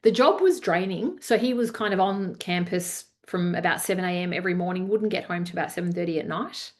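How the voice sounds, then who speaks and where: A woman's voice: fairly low pitch, brisk. Chatty woman leadership coach. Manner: chatty, many fillers, animated retelling. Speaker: leadership coach presenting a masterclass. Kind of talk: webinar talk with anecdotes.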